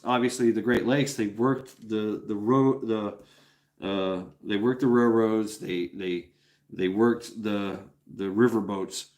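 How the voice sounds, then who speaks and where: A man talking casually on a livestream, profane and rambling, stumbling over restarts and slipping into quick impressions of other people. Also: medium pitch. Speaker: streamer.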